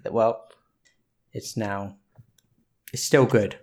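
A man co-hosting a casual podcast chat, playful and animated in his banter. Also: fairly low pitch, very slow. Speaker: podcast co-host.

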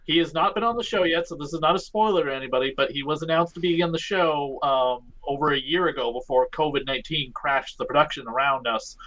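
Casting: man, slightly raised pitch, loose rambling comics-podcast talk. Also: fast talker, hardly any pauses, fairly bright tone, rough recording. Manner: rambling, many fillers, does a deep impression for a joke. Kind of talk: casual podcast chat about comics.

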